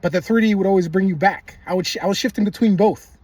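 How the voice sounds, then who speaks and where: A man's voice: sits high, quick pace, darkish tone, far from the mic. A man giving casual, emphatic motivational talk, repeating himself and swearing bluntly. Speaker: manifestation video creator.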